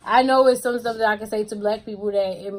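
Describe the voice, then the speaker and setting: A woman co-hosting a casual chat, talking in a relaxed way with frequent fillers. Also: mid-range voice, fast talker. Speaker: co-host.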